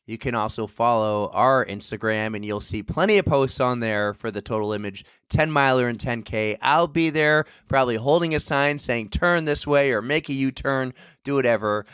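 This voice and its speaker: A man hosting a podcast in a relaxed, chatty way, his voice at a middle pitch for a man. He recounts stories with lively energy. The sound is close and dry, with no room around it. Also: moderate pace, few pauses, smooth, no room sound. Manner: chatty, animated storytelling. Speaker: podcast host. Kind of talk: casual interview chat.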